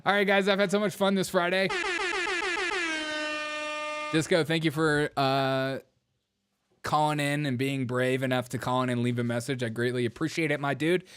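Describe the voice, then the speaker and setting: A man hosting a livestream commentary show, animated and giggly, laughing through his words. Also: medium pitch, normal speed, pauses often, faint music behind. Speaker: show host.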